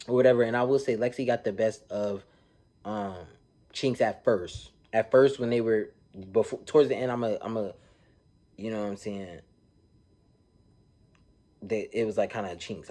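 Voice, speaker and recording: A man recapping a reality TV episode in a casual, animated, slang-filled way, often checking in with "you feel me". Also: fairly low pitch.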